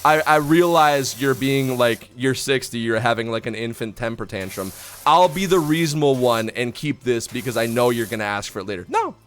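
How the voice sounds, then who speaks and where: A man's voice: medium pitch, moderate pace, a little hiss or hum. A young man streaming live, telling stories in a casual, profane, ranting way. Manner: profane, ranting, animated storytelling.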